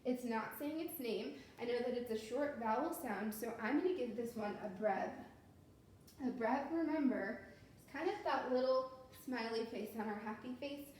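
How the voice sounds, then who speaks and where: A woman teacher talks through a phonics lesson slowly and patiently, one step at a time. Her voice sits a little high. The room rings with heavy echo under a faint hiss. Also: darkish tone. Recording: very echoey room with faint noise.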